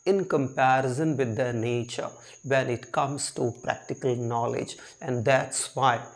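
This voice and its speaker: Slow-paced male literature teacher, repetitive. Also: medium pitch, fairly even intonation, vocal fry. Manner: repetitive, restarts phrases and spells out terms letter by letter. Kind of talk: lecture explaining a poem.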